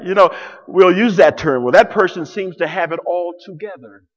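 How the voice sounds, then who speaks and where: A man preaching a sermon to a congregation, dramatic, swinging from loud declarations to hushed near-whispers. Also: sits high, lively intonation, a little slow, big-room sound. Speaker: pastor.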